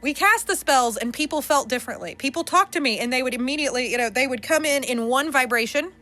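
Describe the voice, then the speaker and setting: A woman's voice: high voice, animated, fast, pushed and bright, soft background music. A young woman hosting a podcast in a casual, candid monologue, swearing freely and laughing often between fillers. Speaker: podcast host.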